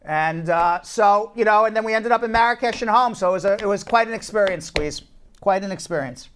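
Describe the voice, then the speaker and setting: A man's voice: sits high, brisk, a bit bright, slight background noise. A man hosting a casual talk show from a law office, telling stories animatedly and often repeating words as he restarts. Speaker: host, immigration attorney.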